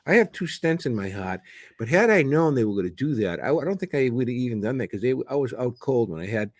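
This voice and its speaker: This Sicilian co-host in his seventies talks fast in a medium-pitched voice, joking and rambling through animated stories on a casual live stream from his home. The recording is dry and cleanly studio-like.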